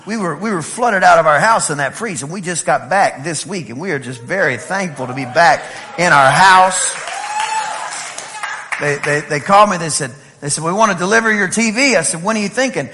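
A man from East Texas with an East Texas accent, preaching a lively sermon and telling playful stories to his congregation. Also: on the high side, normal speed, some chatter behind, a little hiss or hum. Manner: animated, playful storytelling with laughs and shouts. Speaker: pastor.

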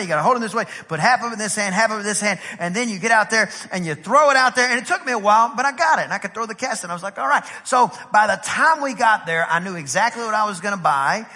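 A man from East Texas with an East Texas accent, a pastor preaching a storytelling sermon and acting out the dialogue. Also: sits high. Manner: animated, acts out dialogue in the story. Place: church sanctuary. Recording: reverberant church hall.

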